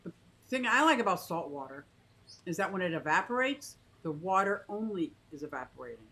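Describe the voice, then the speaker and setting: This woman in her fifties has a bright, forceful, sing-song voice and talks a little fast as she chats about her fish tanks to camera and live chat, full of restarts and asides. She coos at her pet bird in a high sing-song. The audio is poor.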